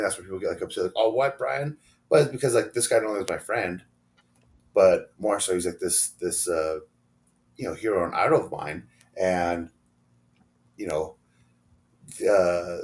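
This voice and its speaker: Low-voiced man telling a rambling story. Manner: rambling, acts out quoted dialogue. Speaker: interview guest, professional wrestler. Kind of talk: casual storytelling interview.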